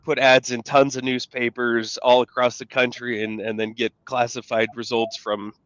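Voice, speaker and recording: A man's voice: mid-range voice, level tone, moderate pace, a bit bright, no room sound, lo-fi sound. A middle-aged man co-hosting a podcast, joking and rambling with plenty of fillers and restarts. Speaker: podcast co-host. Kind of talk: casual podcast conversation.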